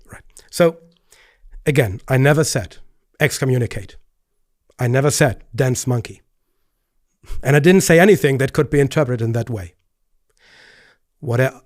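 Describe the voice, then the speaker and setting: A man, a pastor hosting a commentary video, speaking earnestly with stammered restarts and rising pitch when indignant. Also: a little mellow, dry recording, studio quality. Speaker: pastor and host. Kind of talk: video commentary responding to clips.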